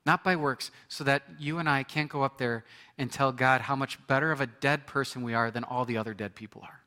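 A man's voice: medium pitch, fairly even intonation, a little fast, bright, forceful tone. A man preaching a sermon as pastor, conversational, with repetitions and asides to the congregation.

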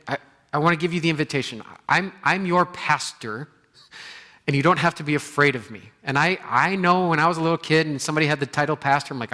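A male pastor preaching a sermon in an earnest, conversational way, often restarting his sentences and moving between quiet passages and animated bursts. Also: a little high.

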